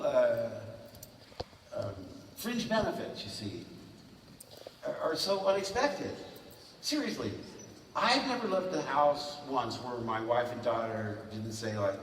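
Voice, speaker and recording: A man's voice: mid-range voice, some chatter behind, a little hiss or hum. A man in his sixties telling stories as a guest at a fan convention panel. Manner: animated, breaks into quick character voices. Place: large convention hall. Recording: roomy hall from a distance.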